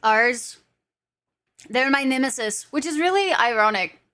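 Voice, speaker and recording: High-voiced, unhurried woman streamer. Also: animated, pushed and bright. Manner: chatty, giggly and swears casually. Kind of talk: casual live-stream chat with viewers.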